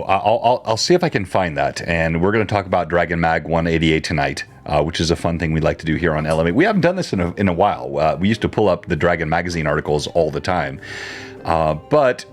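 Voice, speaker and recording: A man with a low voice hosts a casual live stream, and his pitch swings widely as he talks. He jumps in eagerly and repeats himself as he gets going. Faint music plays underneath. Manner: animated, interrupts eagerly, repeats words. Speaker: host.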